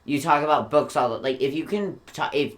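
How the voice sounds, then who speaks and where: A man's voice: fairly high pitch, fairly quick. A man co-hosts a casual book-chat podcast and rants freely, swearing often. He slips into mocking little voices to quote people he disagrees with, and his energy rises and falls as he goes. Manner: profane, animated ranting with mocking put-on quotes. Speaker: podcast co-host.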